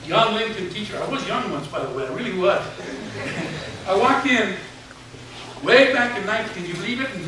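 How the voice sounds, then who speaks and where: A man's voice: high-pitched, expressive, normal speed. A man in his seventies, a retired teacher, tells a funny, folksy story to students in a speech. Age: 70s. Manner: humorous, folksy storyteller, mild swearing. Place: large hall with an audience. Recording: echoey hall recorded from far off, background noise.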